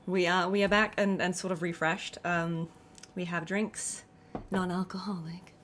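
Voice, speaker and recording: A woman's voice: lowish voice, little pitch movement, measured pace, a bit bright, a little hiss or hum. A young woman with a Danish accent, chatting casually as co-host of a game playthrough and explaining the game to viewers. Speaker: co-host and player. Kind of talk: casual let's-play chat.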